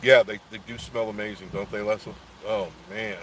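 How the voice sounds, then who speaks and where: A man's voice: fairly low pitch, little pitch movement, normal speed, fairly bright tone. An older man, hosting a live stream and chatting casually as he reads out viewer comments, rambling and laughing often. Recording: faint background noise.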